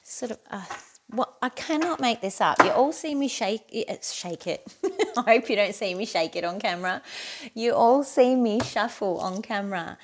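A woman giving a casual, chatty tarot reading to camera, encouraging and quick to laugh at herself. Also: a little high, lively intonation, background noise. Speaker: tarot reader.

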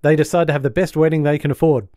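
A man's voice: on the high side, fairly even intonation, very fast, warm tone, dry recording, studio quality. A male podcast host recapping a sitcom episode in a chatty way, laughing easily and acting out the lines.

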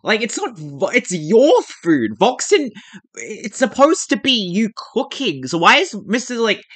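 A man's voice: very high-pitched, sing-song, unhurried, bright, forceful tone, breathy edge. A man hosting a reaction video, swearing heavily and ranting in exasperated bursts. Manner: heavy swearing, exasperated rants. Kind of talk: casual reaction commentary.

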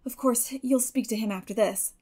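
A woman voicing an excitable, breathless young girl who speaks in a gushing way in an audiobook. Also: a little high, moderate pace, natural voice. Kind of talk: audiobook character voice.

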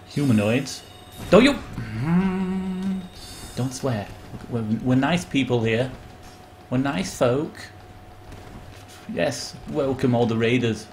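An excitable man gives casual live commentary on a video game and greets his viewers by name. His voice sits at an everyday middle pitch. A faint hiss of background noise runs under the recording. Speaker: live-streamer.

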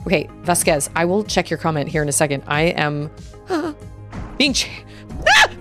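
A woman's voice: sits low, big pitch swings, normal speed, over music. A young adult woman streaming a video game, chatting casually and reacting with gasps, laughs and squeals. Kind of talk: casual live gameplay commentary.

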